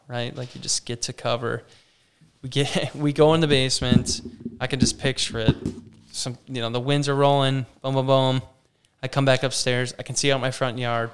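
With a smooth, mid-range voice, a young adult man who runs campground operations recounts a story in conversation. He's animated and acts out people's lines in quoted voices, using "like" frequently.

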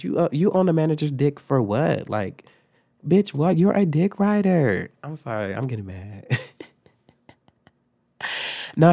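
A young man telling a story from his childhood in a casual, profane, exasperated rant, jumping between loud outbursts and low mutters. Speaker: vlogger.

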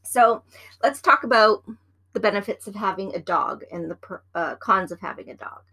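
A chatty woman in casual conversation, with a middle-pitched voice. She rambles through stories, gives practical tips and teases her partner along the way. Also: animated, moderate pace, pushed and bright, slightly rough. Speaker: podcast co-host. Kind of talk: casual chat.

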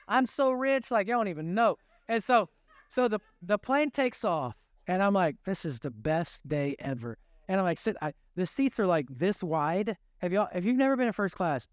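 A man's voice: high-pitched, clear, resonant tone, no room sound, clean studio sound. A man preaching a sermon in a humorous, self-deprecating storytelling way, acting out conversations. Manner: animated, shifting pace.

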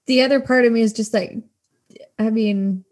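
A woman's voice: a little high, steady tone, moderate pace, darkish tone. A woman co-hosting a podcast in casual banter, laid-back and amused, laughing often. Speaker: podcast co-host.

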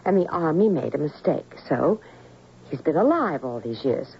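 A breathy, probing young wife. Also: female voice, sits low, big pitch swings, moderate pace, exaggerated voice. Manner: persistent questioning. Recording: slightly dull old radio recording.

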